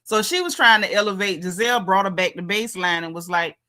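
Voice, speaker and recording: Bright-voiced woman giving an animated recap. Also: mid-range voice, quick pace. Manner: animated, conversational, talks straight to viewers. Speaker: reality TV recap vlogger. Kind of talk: casual reality-show recap commentary.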